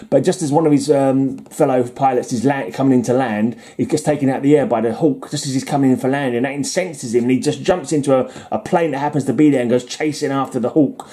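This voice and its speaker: Man, mellow voice, rambling casual comic recap, lots of restarts. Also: mid-range voice. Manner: rambling, many restarts, chuckling asides. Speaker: comic reviewer. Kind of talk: casual chat.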